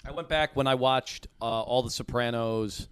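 A man's voice: mid-range voice, normal speed, clear, resonant tone, no room sound. A man co-hosting a podcast in casual chat, rambling a bit and quoting himself. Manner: rambling, trails into self-quotes. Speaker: podcast co-host.

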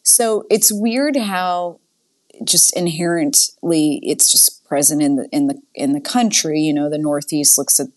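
A woman in her forties from the Boston area, a guest in a casual interview, telling stories with quick laughs and acting out quoted lines. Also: sits low. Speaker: guest, nonprofit CEO.

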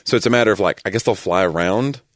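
A man with a low voice, telling stories in relaxed podcast talk. The sound is dry and close, with no room around it. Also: dry recording. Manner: chatty storyteller, quick asides and laughs. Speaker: podcast co-host. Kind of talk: casual chat.

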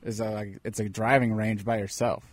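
A man co-hosting a talk show in casual banter, answering in short, matter-of-fact lines. His voice has a middle pitch. It is recorded dry and close. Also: level tone, normal speed, dry recording. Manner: brief, matter-of-fact replies. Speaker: co-host.

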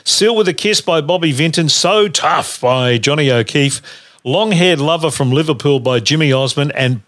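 A man's voice: on the high side, a bit bright. A man hosting a radio show, teasing his co-hosts and reading out a chart. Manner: brisk, teasing, steers back to the chart. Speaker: radio host.

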